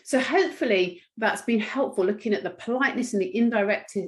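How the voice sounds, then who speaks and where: Woman from England, medical communication trainer, measured lecture delivery, acts out patient quotes. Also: on the high side. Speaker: trainer of international doctors. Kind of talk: online masterclass lecture.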